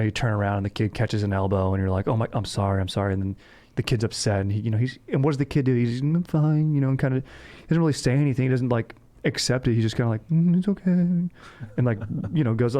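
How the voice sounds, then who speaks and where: A young man with a fairly low voice, talking loosely and slangily as a podcast host. He riffs in casual chat and keeps dropping "dude" into his sentences. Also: warm tone. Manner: laid-back slangy, says "dude" a lot.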